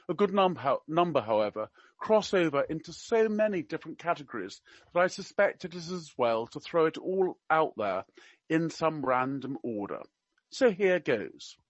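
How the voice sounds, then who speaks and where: A man with a slight RP accent reading a prepared commentary in a measured, wry, deliberate way. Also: fairly high pitch, no echo, highs cut off. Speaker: podcast regular.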